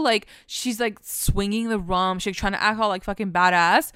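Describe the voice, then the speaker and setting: A young woman co-hosting a casual TV recap podcast, animated and swearing as she mockingly acts out characters. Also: mid-range voice, normal speed, few pauses, clear, resonant tone, no room sound, studio quality. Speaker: podcast co-host.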